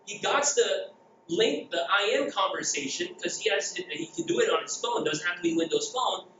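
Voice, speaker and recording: A middle-aged man from the Philippines giving a jokey, energetic conference talk and asking the crowd questions. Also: sits high, a little hiss or hum. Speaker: conference speaker. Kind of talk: keynote presentation. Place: conference hall. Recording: echoey dull hall recording.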